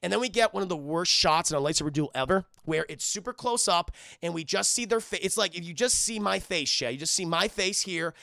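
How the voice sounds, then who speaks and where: A man reviewing a film live for his viewers, animated and profane, acting out scenes as he goes. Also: high voice, brisk, creaky, hardly any pauses, dry recording, studio quality.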